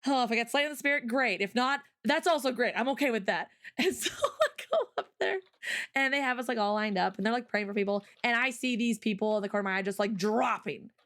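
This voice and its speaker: A woman's voice: a little high, fast talker, fairly bright tone. A woman hosting a livestream and telling a story, with lots of "like" and "um" fillers, often speeding up. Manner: chatty, full of "like" and "um" fillers, often speeds up and acts out her own past words. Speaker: streamer and host.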